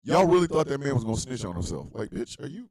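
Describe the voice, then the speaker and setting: A man hosting a comedic live internet radio show, ranting loudly and bluntly in crude slang to his listeners, often shouting. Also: mid-range voice, quick pace, background noise. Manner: loud, animated, often shouting and laughing.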